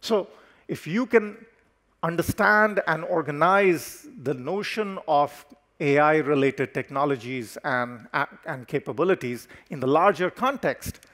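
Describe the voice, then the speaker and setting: A middle-aged man giving a conference keynote as a company chief, explaining his points in a measured way and stressing key words with pauses. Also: a little high, a bit bright. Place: conference stage.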